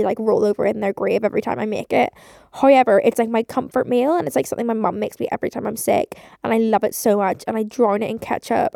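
Drowsy young woman in her twenties, gravelly, slightly high voice, rambling, swearing and full of fillers. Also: dark tone, no echo, clean studio sound. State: drowsy, recovering from surgery. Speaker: podcast host. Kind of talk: casual voice-note chat. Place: bedroom, lying in bed. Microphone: phone voice note.

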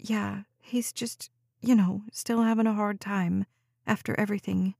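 Lady reading a nervous young woman, stammery, mellow dark voice, dry close sound. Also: mid-range voice, fairly even intonation, unhurried, gravelly, no echo. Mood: quietly steady. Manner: stammering, hesitant. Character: nervous young woman caring for her little brother.

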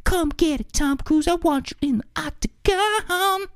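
A man doing a high, squeaky impression of a young male pop singer, half singing and taunting. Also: a little slow, fairly bright tone, no echo. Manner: high, squealing falsetto, sing-song taunting.

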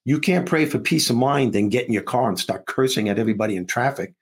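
A man with a slightly rough, husky voice, talking as a guest in an interview. He tells a story with comic timing and jumps in and out of the voices of the people in it, laughing along the way. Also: medium pitch, lively intonation, fast. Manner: acts out dialogue between characters, laughing often. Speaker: guest author and comedian.

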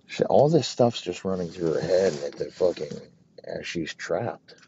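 A man spins a crude, improvised comedy tale in a slow, halting ramble, cursing freely and restarting his sentences as he goes. His voice sits at a middling pitch. The recording is dull and lo-fi, with a faint hiss behind him. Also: lively intonation, vocal fry, warm tone. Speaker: comedic storyteller.

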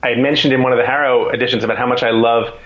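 A man in his forties telling stories as an interview guest, animated and self-deprecating, with many restarts. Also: mid-range voice, racing, dull audio. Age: 40s. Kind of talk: casual interview storytelling.

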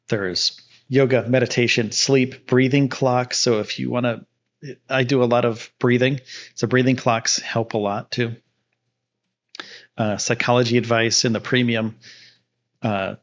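A man hosting a livestream in casual chat, easygoing and rambling as he talks to viewers. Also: mid-range voice. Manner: rambling and easygoing, with frequent fillers and restarts. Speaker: livestream host. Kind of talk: casual live-stream chat, reading chat and an ad. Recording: dull lo-fi stream audio.

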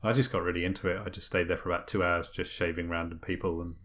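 A man with a low voice trading dry jokes in a relaxed games chat. His remarks come across wry and understated. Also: fast, a little hiss or hum. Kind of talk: casual chat about video games.

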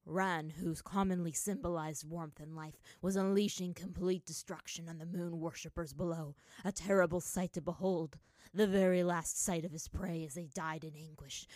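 A woman with a low voice reads a story aloud in a dramatic storytelling manner. The sound is dry and close, with no room around it. Her delivery builds in force during action passages. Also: steady tone, moderate pace, darkish tone, no echo. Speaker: narrator. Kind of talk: reading fan fiction aloud.

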